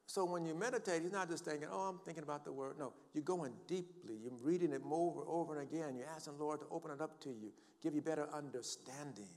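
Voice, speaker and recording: A man's voice: a little high, fast, hardly any pauses, darkish tone. Older male pastor preaching in a reverberant hall. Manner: emphatic preaching with scripture quotes and call-and-response. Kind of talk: sermon.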